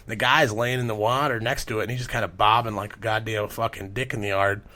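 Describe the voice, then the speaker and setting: A man's voice: fairly low pitch, fairly even intonation, fast talker, sharp tone, slight background noise. A man hosting a podcast, telling stories in a casual, rambling way and swearing constantly. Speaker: podcast host.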